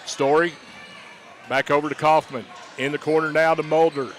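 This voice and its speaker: A man calling high school basketball play-by-play, rapid-fire, rising to shouts on big plays. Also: flat delivery. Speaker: play-by-play announcer.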